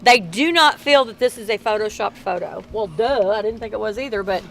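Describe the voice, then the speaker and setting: A woman's voice: mid-range voice, brisk, vocal fry, rough recording. A middle-aged woman with a Southern Texas accent, a tour guide telling ghost stories to a crowd outdoors in a chatty, folksy way, recorded on a tour member's camera. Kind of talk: storytelling tour talk to a crowd. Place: outdoors on a town street tour at night. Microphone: camera held by a tour member.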